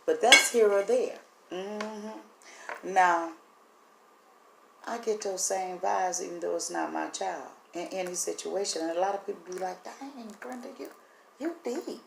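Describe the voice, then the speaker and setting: A woman speaks haltingly to her camera, her voice breaking as she holds back tears. The room around her is echoey, and a faint hum of background noise sits under her words. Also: lowish voice, fairly even intonation, gravelly. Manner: earnest, halting, voice catching with emotion. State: voice breaking, teary. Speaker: vlogger sharing spiritual impressions. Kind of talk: emotional direct-to-camera talk.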